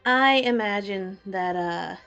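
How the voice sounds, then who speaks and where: A woman's voice: mid-range voice, slow, gravelly, fairly bright tone, clean tone, highs cut off. A woman player describes her character's moves in a tabletop game. She talks casually and hesitantly, swearing freely. Faint music plays underneath.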